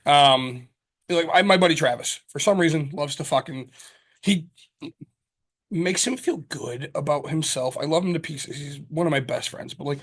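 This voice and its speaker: Guy cohosting a podcast, kinda high voice, rambles, swears a lot, lots of um and like. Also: normal speed, fairly bright tone. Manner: rambling, profane, lots of fillers. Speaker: podcast co-host. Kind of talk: casual chat.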